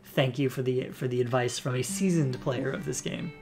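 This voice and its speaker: A man's voice: medium pitch, steady tone, normal speed, darkish tone, faint music behind. A man streaming a story game live, easygoing and self-deprecating as he talks with viewers. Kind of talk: casual live game commentary.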